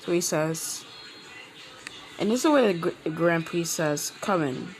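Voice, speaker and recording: A man hosting his own channel, telling a fan-made story in a rambling, halting way with many restarts. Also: a little high, animated, a little hiss or hum, poor audio. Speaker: channel host. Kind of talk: casual fan-fiction storytelling.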